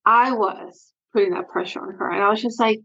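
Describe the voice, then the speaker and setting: A woman's voice: mid-range voice, steady tone, fairly quick, gravelly, a bit bright, slightly rough, dull audio. A woman guest talking earnestly and emotionally about her experience as a sports parent in a candid interview.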